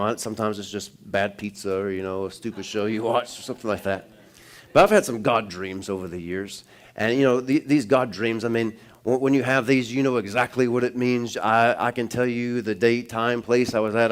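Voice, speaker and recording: A man preaching in a church, telling a personal story in a relaxed, conversational way with restarts, then building to loud, emphatic preaching. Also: on the low side. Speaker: pastor. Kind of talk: sermon.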